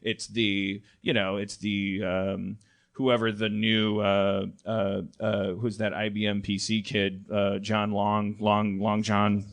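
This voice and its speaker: A man's voice: fairly low pitch, completely flat delivery, takes it slowly. A man hosting a live comedy podcast, riffing in a rambling, profane way with many restarts. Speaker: podcast host.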